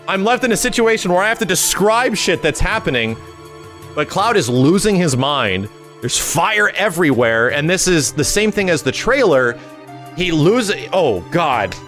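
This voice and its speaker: A man hosting a gaming channel, recapping a game preview in an excitable, profane way, full of fillers and hummed tunes. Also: on the high side. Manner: excitable and profane, with lots of fillers and sung hums.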